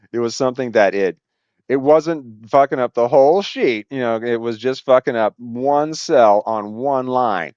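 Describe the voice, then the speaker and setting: A man's voice: lowish voice, clean tone, no echo, lo-fi sound. A man telling a workplace story in a casual monologue, swearing freely, laughing often and acting out the voices of the people in it.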